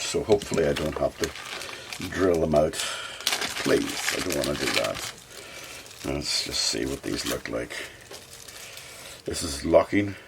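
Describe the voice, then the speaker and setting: A man with a very low voice talks casually as he works on a guitar, thinking out loud and chatting to the viewer. Faint noise and small clicks sit behind him. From Scotland. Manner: chatty, talks to himself while working, sing-song bursts. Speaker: hobby guitar builder. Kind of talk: casual workshop vlog talk.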